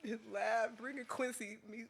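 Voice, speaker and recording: A tearful man giving an emotional eulogy as a family friend at a funeral, his voice breaking and his speech halting and full of fillers. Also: very high-pitched, fairly even intonation, husky.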